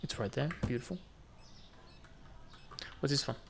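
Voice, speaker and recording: A man gives relaxed gameplay commentary, trading jokey banter with customers on screen. His voice has a gravelly, creaky edge at an ordinary pitch. Clicks and cash-register sounds from the game are clearly heard behind him. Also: unhurried, background noise. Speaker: gaming video host.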